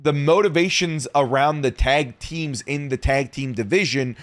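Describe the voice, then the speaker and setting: A man's voice: a little high, normal speed, fairly bright tone. A man co-hosting a wrestling podcast in casual chat, emphatic and argumentative.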